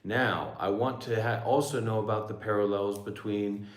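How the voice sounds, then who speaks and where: A man's voice: on the low side, steady tone, normal speed, reverberant. A man who is a former monk and meditation teacher talking bluntly and sardonically on a livestream. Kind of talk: livestream Q&A talk.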